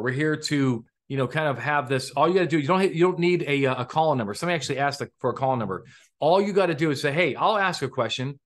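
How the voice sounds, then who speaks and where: A man hosts a live legal training for police over an online call. He lectures in a casual, chatty way at a middling pitch. He keeps throwing questions back at his listeners. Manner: conversational, quizzes the audience with questions.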